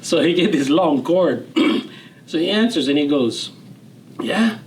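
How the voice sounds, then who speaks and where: A man of around sixty with a Hawaiian Pidgin-tinged accent, telling his story as a guest in a relaxed, rambling way, with fillers and restarts. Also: fairly high pitch, unhurried, a little hiss or hum, low-quality recording. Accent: Hawaiian Pidgin-tinged English. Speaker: interview guest, retired general. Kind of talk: casual storytelling interview.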